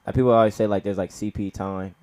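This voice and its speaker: A young man of Nigerian heritage doing stand-up at an open mic, rambling in heavy slang with constant "bro" and "you feel me", getting loud and high when acting out stories. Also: fairly even intonation, fast talker. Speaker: stand-up comic. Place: comedy club open mic.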